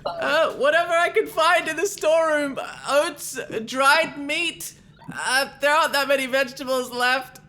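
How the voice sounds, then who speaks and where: Greg: high, shaky cowardly cook, stammering and pleading, as a man puts him on. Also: fairly even intonation, measured pace, bright, forceful tone, exaggerated voice. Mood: nervous. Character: timid weeping male cook, a cowardly guard.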